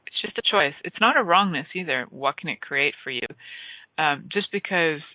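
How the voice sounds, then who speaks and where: A woman's voice: low voice, lively intonation, normal speed, no echo. A woman hosting a radio talk show, chatting in a playful, rambling way with many fillers. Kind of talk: casual solo radio talk. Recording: tinny phone line.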